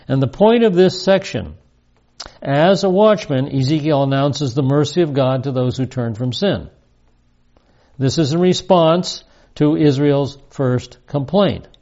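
A man's voice: mid-range voice, dark tone. A man in his seventies teaching the Bible verse by verse, reading passages aloud and stressing key phrases emphatically. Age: 70s. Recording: dull lo-fi recording.

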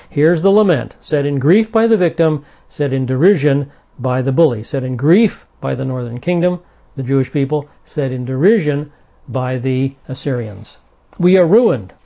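A man's voice: mid-range voice, dark tone. A man teaching the Bible verse by verse, explaining carefully, repeating key points and checking in with "okay". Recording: dull lo-fi recording.

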